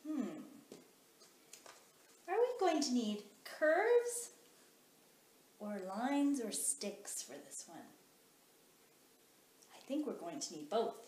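A woman's voice: on the high side, very animated, a little mellow, slight background noise. Sing-song kindergarten teacher woman. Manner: slow, encouraging, sing-song teacher talk. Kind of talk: children's phonics lesson. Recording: echoey room.

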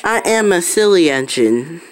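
A woman voicing a cheeky, boastful male toy engine in a children's storybook, in a lifted, excited voice. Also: on the low side, a little slow.

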